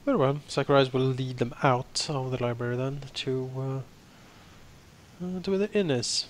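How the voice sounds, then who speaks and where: A man's voice: medium pitch, measured pace, a little hiss or hum. Guy playing a tabletop game, talks hesitant, restarts a lot, mid voice. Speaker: player.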